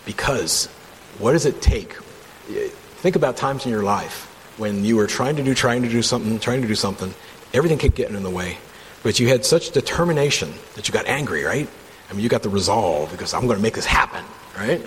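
A man's voice: lowish voice, expressive, a little fast. A man leading a casual Bible study from home, reading passages and commenting with enthusiasm in a conversational way. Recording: long reverb, faint background hum.

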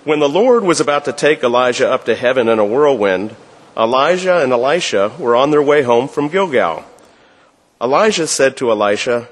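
A man reading a scripture passage aloud during a church service, clear and measured. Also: mid-range voice, animated, big-room sound. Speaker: scripture reader.

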